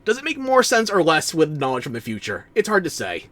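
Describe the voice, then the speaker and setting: A man's voice: on the high side, wildly swooping pitch, fairly quick, pushed and bright. Drowsy sarcastic man streaming a game. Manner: sleepy, sarcastic asides to the game. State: tired and yawning. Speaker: streamer playing a video game. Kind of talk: casual let's-play commentary.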